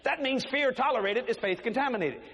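High-voiced, animated older preacher. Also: male voice, fairly quick, husky. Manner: folksy, animated preaching with acted quotes. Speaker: pastor. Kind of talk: sermon. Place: church sanctuary. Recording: echoey hall, faint noise.

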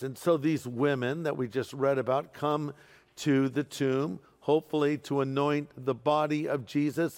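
A man preaching a sermon as pastor, animated and playful with humorous asides. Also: a little high. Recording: long reverb of a large hall.

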